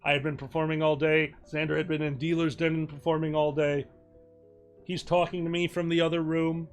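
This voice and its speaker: A man on a charity stream telling a convention story in casual chat, animated and laughing through his story. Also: fairly high pitch, brisk, soft background music.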